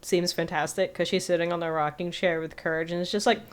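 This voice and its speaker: A woman's voice: fairly low pitch, steady tone, fast, clear, resonant tone. A young woman co-hosting a podcast in casual chat, easygoing and asking questions. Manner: easygoing, asks questions, laughs often. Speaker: podcast co-host.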